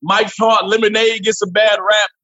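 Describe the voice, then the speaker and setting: Comedian guy talking loose and animated, husky, kinda high, muffled remote audio. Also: normal speed. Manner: animated, profane, jumps into voices. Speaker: comedian guest. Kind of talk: casual interview chat. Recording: dull lo-fi remote line.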